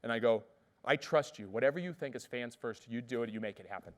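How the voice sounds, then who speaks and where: A man giving an energetic motivational keynote on stage, telling stories and checking in with the audience. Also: mid-range voice, fast. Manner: energetic storytelling, often asks "all right?". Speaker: keynote speaker. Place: conference stage before an audience.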